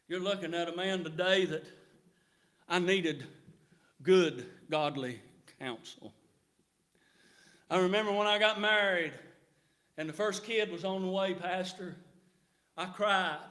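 A middle-aged man preaching a revival sermon in a church, rising to shouts and punctuating his points with amen. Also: sits high.

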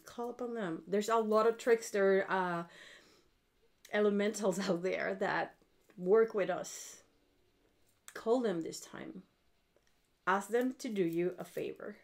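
In a medium-pitched voice at a measured pace, a middle-aged woman casually teaches a spell on her witchcraft video. She keeps it blunt and conversational, swearing freely and pausing often to check in with viewers.

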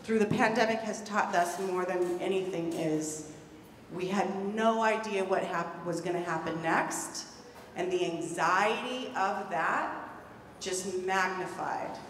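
A woman's voice: on the low side, slow pace. A woman giving an earnest, emphatic conference talk, stressing and repeating key words. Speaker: presenter at a conference. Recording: echoey hall, far from the mic, faint hum.

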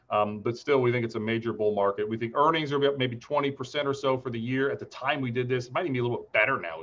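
With a mid-range voice and the highs cut off, an Ohio man in his forties gives a webinar on the market outlook. As a strategist presenter, he keeps it chatty and upbeat, telling stories in between the chart discussion.

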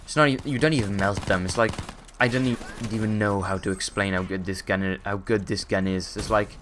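A man's voice: lowish voice, steady tone, fairly quick, background noise. A man with a sore throat and hiccups, giving rambling, sweary casual gameplay commentary full of ums.

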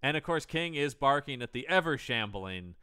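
A man's voice: mid-range voice, animated, moderate pace, bright, forceful tone, smooth, dry recording, clean studio sound. A man co-hosting a podcast, recapping a movie plot in casual chat and acting out lines in goofy voices. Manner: recaps the plot and acts out quotes in silly voices. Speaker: podcast co-host. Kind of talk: casual film discussion.

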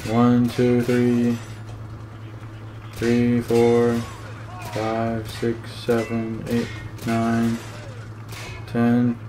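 A man's voice: medium pitch, completely flat delivery, extremely slow, long pauses, music in the background. Frustrated young man cursing at a game. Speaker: gaming channel host. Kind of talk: gameplay commentary.

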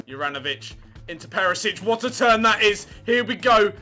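Lad calling his football game, bright sharp voice, yelps n swears. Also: high voice, normal speed, faint music behind. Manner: excitable, shouts and yelps at near misses, swears. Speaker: gaming channel host. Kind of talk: live gameplay commentary.

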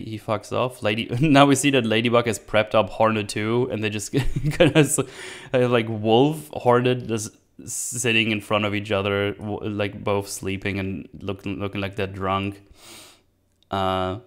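Male host, lowish smooth voice, loose rambling movie recap, chuckles a lot. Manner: rambling, laughs often, many restarts. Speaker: podcast host reviewing a movie. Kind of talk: casual solo movie recap.

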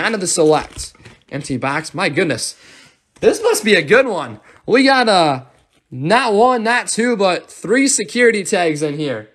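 A man's voice: fairly high pitch, fairly bright tone. A young man hosting a live sports card break, rattling off player names and thanking viewers as he opens packs.

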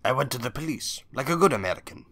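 A man reading an audiobook, voicing a grieving older undertaker who pleads in a low, quiet voice. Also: animated, fast. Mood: bitter. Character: grieving older male undertaker begging for justice.

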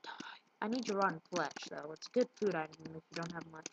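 A let's play gamer, a woman with a gravelly, lowish voice, gives casual gameplay commentary a little fast, rambling and tripping over her words. The recording is muffled and lo-fi with loud hiss.

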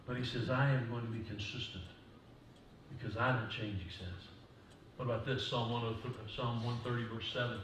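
A man's voice: mid-range voice, fairly even intonation, brisk, slight background noise. Man preaching in a very echoey hall. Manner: builds from quiet talk to loud preaching. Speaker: pastor. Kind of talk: sermon. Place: church sanctuary. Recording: distant mic in echoey church hall.

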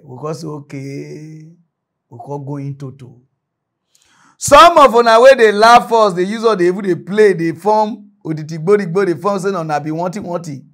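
A man with a Nigerian accent hosting a mock news show, ranting comically and swinging between loud outbursts and low mutters. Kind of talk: comic satirical rant.

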